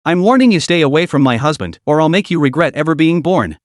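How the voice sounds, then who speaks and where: A jealous chief-executive wife who snaps and accuses with cold fury, as a man acts her out. The delivery swings widely in pitch and sits a bit high. It is a comic recap read close to the mic in a dry space. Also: lively intonation, fast, no room sound, natural voice. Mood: angry, cold. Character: jealous furious woman, a company chief.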